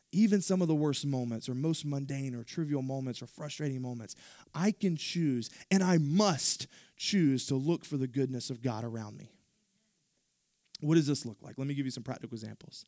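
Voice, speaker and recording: A man's voice: mid-range voice, normal speed, warm tone, no room sound, studio quality. A man pastor preaching a sermon in a conversational manner, with asides to the congregation.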